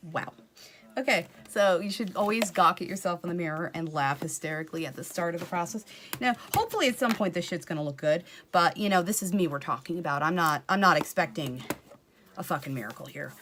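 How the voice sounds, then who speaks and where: A woman's voice: lowish voice, fast talker, a bit bright, a little hiss or hum. Profane, self-mocking woman vlogger. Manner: often drops into a whisper. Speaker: makeup vlogger. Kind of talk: casual comedic makeup tutorial.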